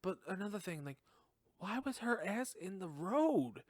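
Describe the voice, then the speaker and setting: Here a podcast host goes over a film casually and at length, laughing a lot and cursing without restraint. His voice is high-pitched and very animated though measured in pace, captured at studio quality with no room sound.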